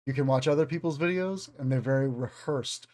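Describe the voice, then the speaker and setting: With a mid-range, darkish voice and a brisk pace, a Southern US man teaches English in an unscripted video lesson. His manner is casual and rambling, chatty and self-aware.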